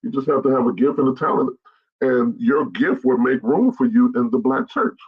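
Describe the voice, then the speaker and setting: A man's voice: mid-range voice, big pitch swings, normal speed, husky, muffled recording. A middle-aged man, a bishop, giving a blunt straight-talk message to pastors, repeating his points to drive them home.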